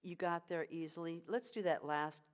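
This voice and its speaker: A woman leading a choir rehearsal as vocal coach, giving encouraging instructions between high sung drills. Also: normal speed.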